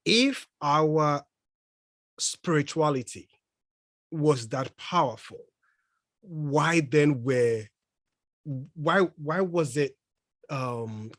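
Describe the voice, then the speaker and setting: Slow, hesitant man interviewing. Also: on the high side, expressive, fairly bright tone, dry recording. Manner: frequent "mm-hmm" backchannels, slow hesitant questions with many "um"s. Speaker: host interviewer.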